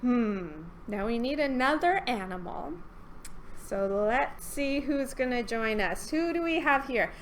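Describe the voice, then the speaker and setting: A woman with a high, bright voice hosting children's storytime. She talks very slowly and swoops all over her range, sing-song and playful, coaxing little listeners along. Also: a little hiss or hum. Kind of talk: children's storytime reading and singing.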